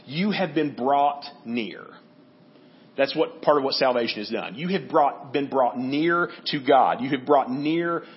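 A man's voice: mid-range voice, normal speed, few pauses. A man preaching a sermon in a conversational teaching manner, often checking in with "right?". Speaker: pastor. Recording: dull lo-fi audio.

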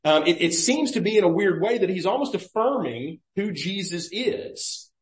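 Lively, conversational male pastor preaching. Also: high voice, normal speed, reverberant, poor audio. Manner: conversational preaching, explains and questions the listeners. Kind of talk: sermon. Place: church sanctuary.

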